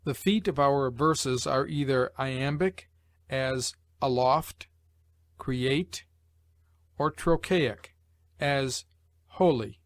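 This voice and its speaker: A man reading English pronunciation rules aloud in a measured, list-like way, slowing on each example word. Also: mid-range voice, no echo. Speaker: English lesson narrator.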